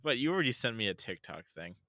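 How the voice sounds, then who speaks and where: An easygoing man co-hosting a casual podcast, laughing often. His voice is bright and lively in pitch. He talks slowly, recorded dry and close. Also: no echo. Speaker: podcast co-host. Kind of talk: casual chat.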